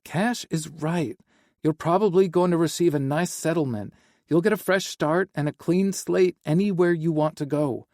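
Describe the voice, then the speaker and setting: A squeaky, flustered young man, shy and anxious, pitched well above a plain male voice, as an audiobook narrator does him. The tone stays warm and mellow. The recording is dry and close. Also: moderate pace, no echo, natural voice. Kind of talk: audiobook character voice.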